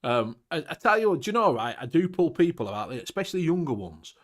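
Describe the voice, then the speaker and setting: A man's voice: fairly high pitch, sing-song, quick pace. A man with a Northern English accent hosting a casual live-stream chat, talking bluntly with some swearing and local slang. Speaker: host of a vaping live show.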